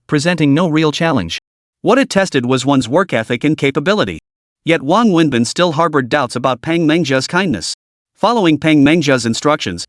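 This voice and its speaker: A male narrator telling a recap story with steady, dramatic delivery. His pitch sits fairly high and moves a lot, and the sound is dry and close. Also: no echo.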